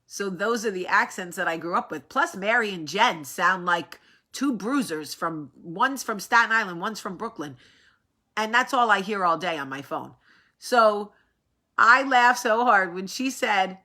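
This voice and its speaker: A woman from New Jersey with a heavy New York accent, hosting a casual talk show and telling funny stories, animated and swearing freely. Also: medium pitch, measured pace. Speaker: host. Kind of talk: casual storytelling chat.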